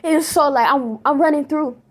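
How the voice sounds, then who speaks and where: A woman telling a dream to her viewers in a casual spiritual testimony, animated and slangy with many fillers, still shaken as she talks. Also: high-pitched, moderate pace. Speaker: vlogger recounting a dream.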